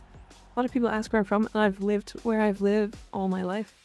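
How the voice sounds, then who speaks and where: Soft music plays behind a woman from Canada as she chats live with her viewers, reading their messages and responding frankly, joking and cursing now and then. Her mid-range voice is level and a little mellow, at a normal pace.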